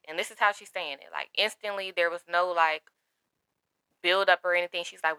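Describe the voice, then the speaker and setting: A woman's voice: fairly low pitch, normal speed, bright, forceful tone, smooth, dry recording. A young woman, telling an emotional personal story candidly and quoting others in her own voice.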